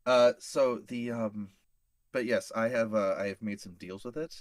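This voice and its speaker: Slightly slow and fairly even in intonation, a man with a lowish voice plays a casual tabletop RPG. His speech is hesitant and full of fillers, and the recording is dry.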